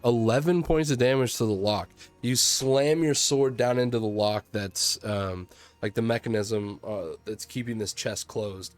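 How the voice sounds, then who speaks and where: A man running a tabletop game as game master, narrating slowly with many ums and restarts. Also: mid-range voice.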